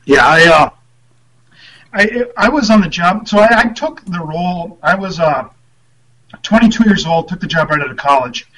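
A man telling a long, rambling anecdote as a guest on a casual podcast, with frequent pauses. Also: high voice, expressive, fairly bright tone, rough recording. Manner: rambling, lots of fillers and restarts, laughs at himself. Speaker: guest, former team writer.

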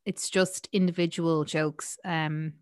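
Irish woman, podcast co-host, low-ish voice, loose filler-heavy chat, dead dry room. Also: level tone, takes it slowly, no room sound. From Ireland. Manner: rambling with many fillers and swearing. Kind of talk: casual chat.

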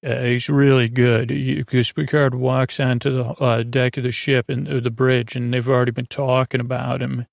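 A man recaps an episode in a slow, meandering ramble, padding it with fillers. His voice is gravelly and stays nearly monotone, recorded close and dry. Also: medium pitch, dry recording. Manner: meandering, full of fillers and loose paraphrase. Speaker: podcast host.

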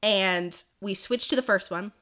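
A woman's voice: medium pitch, a little slow, sharp tone. A woman co-hosting a podcast, casually recapping a book plot in a rambling way with lots of "um" and "like". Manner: rambling, full of "um" and "like". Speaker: podcast co-host.

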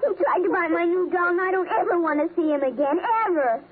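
An actress playing an excitable, clingy little girl who pleads and whines, in 1950s radio drama style, heard through a tinny, very hissy old broadcast. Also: extremely high pitch, fast talker. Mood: upset. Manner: pleading, whiny.

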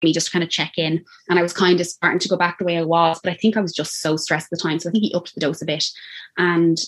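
An Irish woman in her thirties telling a personal story as a podcast guest, animated and acting out what people said. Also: lowish voice. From Ireland. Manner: animated, acts out quoted speech, quick laughs. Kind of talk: personal birth story, casual chat.

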